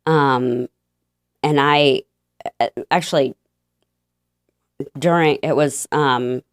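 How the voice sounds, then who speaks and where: A woman guest telling a personal faith story in an interview, halting and emotional, with many fillers and restarts. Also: rumbling low, fairly even intonation, clean tone, no echo, clean studio sound.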